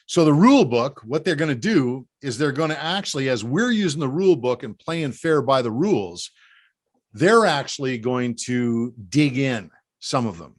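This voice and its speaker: A man's voice: mid-range voice, lively intonation, moderate pace. A man from Canada giving a rallying political briefing, emphatic and repetitive, urging listeners to act. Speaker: political organizer.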